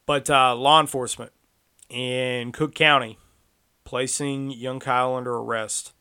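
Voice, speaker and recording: A man's voice: mid-range voice, level tone, unhurried, pushed and bright, clean tone. A man delivering a combative, sarcastic political commentary monologue, speaking straight at his listeners. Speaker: tracking instructor.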